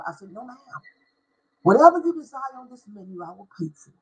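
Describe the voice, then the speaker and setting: A middle-aged woman, a former schoolteacher, telling a personal faith story with deep feeling and spelling out words for emphasis. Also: very animated, fast, breathy edge, low-quality recording. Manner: emotional, spells out words, sings briefly. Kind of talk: personal testimony.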